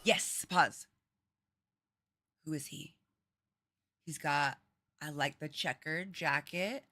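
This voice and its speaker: A woman streamer chatting and joking over gameplay, with sudden loud yelps and laughs. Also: low-pitched, takes it slowly. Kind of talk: let's play commentary.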